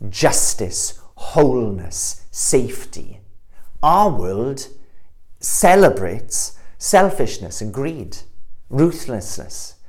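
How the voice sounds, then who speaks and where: A man preaching a sermon, earnest, swelling louder and slower on the key words. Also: medium pitch, very animated.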